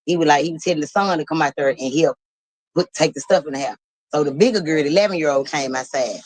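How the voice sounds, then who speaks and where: A woman hosting a livestream, telling a story in an animated, blunt and profane way and laughing as she talks. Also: low voice, fast talker, no echo, rough recording. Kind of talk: casual storytelling.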